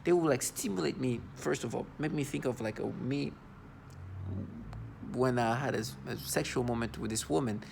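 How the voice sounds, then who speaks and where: Gravelly, halting man venting on camera. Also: mid-range voice, a little mellow, slight background noise. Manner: halting, full of restarts and fillers; agitated and disgusted. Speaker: vlogger. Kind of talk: personal video monologue.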